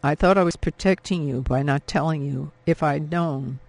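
A man's voice: on the high side, normal speed, creaky, darkish tone, no room sound. A man voicing a wounded young man who speaks tenderly, his voice breaking with emotion. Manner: voice breaking with feeling.

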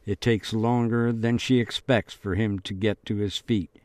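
Male narrator, audiobook, measured reading, very slow, dry close sound. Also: fairly low pitch, steady tone, darkish tone, dry recording.

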